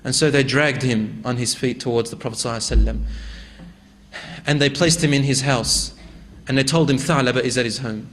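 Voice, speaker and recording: A man preaching, retelling a religious story in a dramatic, animated way. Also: medium pitch, quick pace. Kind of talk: sermon storytelling.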